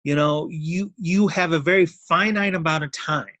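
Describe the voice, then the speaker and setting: A man's voice: fairly high pitch, moderate pace, fairly bright tone, no room sound. Middle-aged man, interview guest, earnest and heartfelt, dry close mic. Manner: earnest, heartfelt, repeats words. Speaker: interview guest, notary signing agent. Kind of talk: emotional personal testimony.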